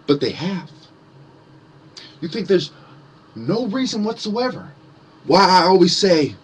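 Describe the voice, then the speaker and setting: A man ranting angrily to camera with heavy swearing and mocking sarcasm, his voice swinging between loud outbursts and low muttering. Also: very animated, measured pace, long pauses, husky. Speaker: conspiracy vlogger. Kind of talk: angry profane rant to camera.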